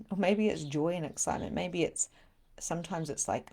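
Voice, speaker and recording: A middle-aged woman, a spiritual coach leading a live guided meditation and chatting with viewers in a soft, soothing way. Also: low voice, fairly quick. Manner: soft, soothing guiding voice with breathy exclamations.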